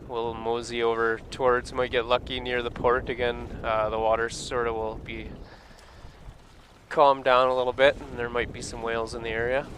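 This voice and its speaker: A man's voice: medium pitch, level tone, moderate pace, fairly bright tone, low-quality recording. A man from Alberta with a Canadian accent, chatting in a laid-back, rambling way while steering a boat outdoors on the water. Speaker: boat operator on a live wildlife stream. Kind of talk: casual chat. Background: wind and boat engine.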